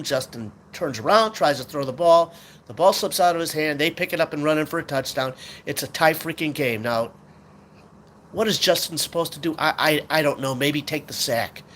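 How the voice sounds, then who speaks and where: A man's voice: a little high, a little fast, a bit bright, a little hiss or hum. A man hosting a sports talk show, venting in an angry, swearing rant about his team. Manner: frustrated, swearing, ranting fan.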